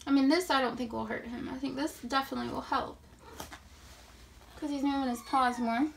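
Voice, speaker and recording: Woman vlogger with a high voice, a bit breathless, casual chat with baby-talk asides. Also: fairly even intonation, fairly quick, gravelly, slight background noise. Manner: chatty, coos to kittens in a sing-song voice. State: slightly out of breath. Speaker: kitten foster volunteer. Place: at home with kittens.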